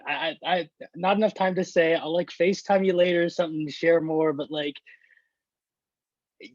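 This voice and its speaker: A man's voice: on the high side, no echo. Rambling young man on a dull call. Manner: rambling, hurried, full of fillers. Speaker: friend giving a tribute. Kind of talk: casual video-call tribute.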